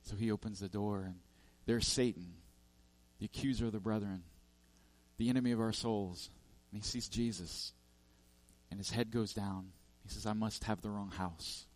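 A man's voice: fairly low pitch, steady tone, normal speed, darkish tone. A man preaching a sermon, telling a parable with emphatic, repetitive lists and frequent restarts. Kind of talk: sermon storytelling.

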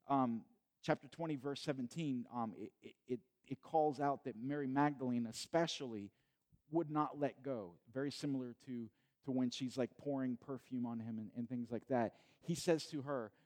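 A man preaching a sermon in a conversational way, retelling the scene with animated asides. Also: medium pitch. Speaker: pastor.

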